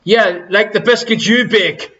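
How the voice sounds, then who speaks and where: Over crowd noise and audio with the highs cut off, a high-pitched Irish host reads quiz questions at a measured pace. He runs the live stream from his living room, tossing out teasing, crude asides.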